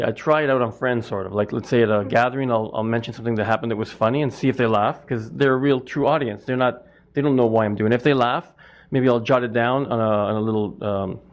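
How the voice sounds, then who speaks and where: A middle-aged man from Canada, a stand-up comic and butcher, answering interview questions in a rambling, self-interrupting way. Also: mid-range voice.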